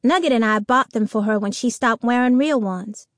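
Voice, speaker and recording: A woman with a high voice narrates a children's audiobook in the first person, bringing lively energy to the story at a moderate pace. The recording is dry and close-miked.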